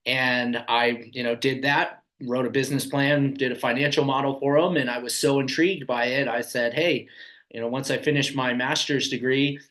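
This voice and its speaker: A man from Colorado in his thirties, a podcast guest talking in a relaxed, rambling way with many "you know"s. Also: medium pitch, normal speed, poor audio. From Colorado, USA. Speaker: guest, ski company founder. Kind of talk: casual interview chat.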